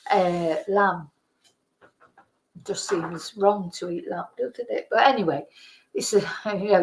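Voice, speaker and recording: Slow-talking chatty woman host. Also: mid-range voice, poor audio. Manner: chatty, laughing, thinking aloud. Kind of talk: casual live-stream quiz chat.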